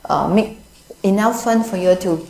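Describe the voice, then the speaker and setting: A woman's voice: mid-range voice, a little slow, gravelly, darkish tone, roomy sound, low-quality recording. A woman voicing a rich male householder in a story within her Buddhist talk, speaking eagerly. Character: rich male householder, startled then generous.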